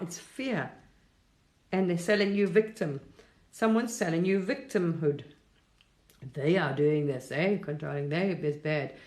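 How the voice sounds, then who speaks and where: A middle-aged woman from England chats on a live stream in a lower voice. She rambles, drifts between thoughts and laughs often. Her voice carries the echo of a roomy space. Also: a little mellow. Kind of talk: casual spiritual talk on a live stream.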